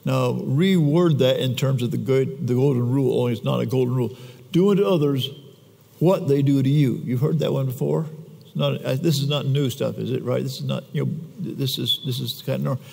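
A man's voice: medium pitch, steady tone, brisk, creaky, darkish tone, breathy edge. A man preaching a conversational sermon, often putting questions to the congregation. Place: church. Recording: echoey church hall.

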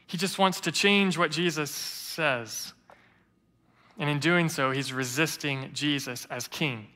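A man serving as interim lead pastor, preaching an earnest sermon in a storytelling manner. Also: on the high side. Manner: earnest storytelling preacher, quotes others in lively voices. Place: church sanctuary. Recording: church hall reverb.

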